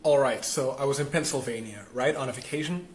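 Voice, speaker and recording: A man's voice: medium pitch, a little fast, slight background noise. A man telling a travel story in a matter-of-fact way with a few hesitant fillers. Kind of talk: storytelling to camera.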